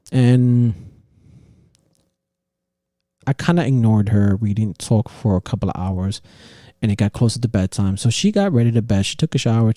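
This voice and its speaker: A man's voice: medium pitch, dark tone, no room sound, clean studio sound. A man hosting a podcast, ranting heatedly and profanely about relationships, mocking others in quoted voices. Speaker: podcast host. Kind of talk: casual opinion rant.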